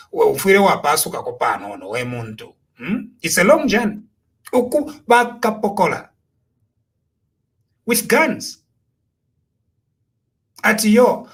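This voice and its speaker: Zambian guy ranting about politics, high-ish voice, preachy, lots of rhetorical questions. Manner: preachy, rhetorical, switching between Bemba and English. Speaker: political commentator. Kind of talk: impassioned commentary.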